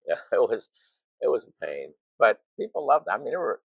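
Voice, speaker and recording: A man's voice: mid-range voice, wildly swooping pitch, fairly quick, creaky, slightly rough, no room sound, dull audio. A man in his sixties, a retired zookeeper, telling rambling anecdotes with self-deprecating chuckles in a casual interview. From United States.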